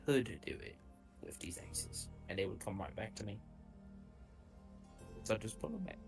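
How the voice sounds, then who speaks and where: A man's voice: fairly low pitch, big pitch swings, moderate pace, faint music behind. A man voicing his character in a tabletop role-play game. He talks in an easygoing, rambling way, full of fillers and restarts. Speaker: player.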